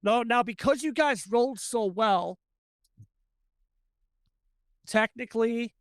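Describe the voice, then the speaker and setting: A game master narrating a tabletop game in a rambling, quick way with many restarts, close to the mic. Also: mid-range voice, no echo.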